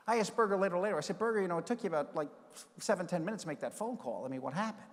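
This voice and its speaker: A middle-aged man giving a conference keynote, telling a story and acting out the dialogue with lively energy. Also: high-pitched, very fast. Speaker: keynote speaker. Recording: long hall reverb.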